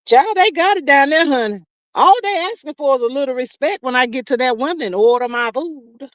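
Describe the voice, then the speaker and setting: An older woman chats through a casual gossip livestream, her delivery drawn-out and homespun as she calls listeners honey and child. The voice sits high and expressive, with no echo.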